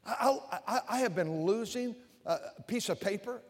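An older male preacher giving a sermon, animated and repetitive, swinging from loud outbursts to hushed confessions. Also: high-pitched, normal speed, few pauses, slightly rough. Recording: long reverb of a large hall.

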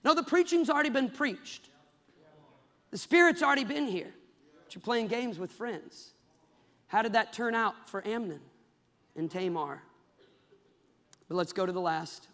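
A man in his thirties preaching a fervent sermon, building to loud climaxes. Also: high-pitched, lively intonation, normal speed, long pauses, big-room sound.

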